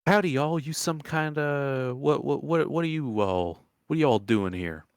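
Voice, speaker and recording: A man's voice: medium pitch, normal speed, clear, resonant tone, no room sound, clean studio sound, voice pushed up, lightly acted. A man voicing a folksy older woman who runs a swamp bait shack, with a put-on Southern drawl and a rambling way of talking.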